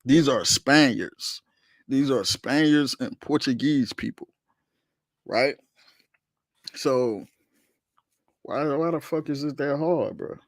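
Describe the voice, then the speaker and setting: A man's voice: mid-range voice, slow pace, long pauses, no echo, studio quality. A man hosting a livestream, arguing with his chat in a heated, profane, slangy rant. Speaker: streamer host reacting to chat.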